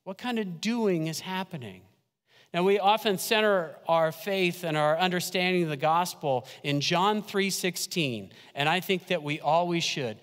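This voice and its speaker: A man with a fairly high voice preaches in a church. He talks casually and jokes with the congregation, then slows and drops low for emphasis. Long hall reverb trails each phrase. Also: lively intonation, fairly bright tone. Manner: humorous, conversational preaching with slow emphatic drops. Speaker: pastor. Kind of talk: sermon. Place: church sanctuary.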